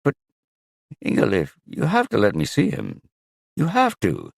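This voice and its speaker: A man's voice: medium pitch, wildly swooping pitch, unhurried, vocal fry, dry recording, studio quality, pitched above the performer's own voice, full character voice. A man voicing a troubled father who pleads insistently to see his son, in an audiobook. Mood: desperate.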